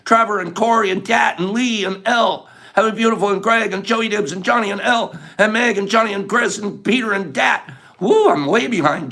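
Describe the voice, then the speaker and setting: A middle-aged man hosting a livestream, rapidly thanking viewers by name in a warm, effusive way. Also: high-pitched, vocal fry. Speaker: livestream host. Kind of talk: casual livestream sign-off.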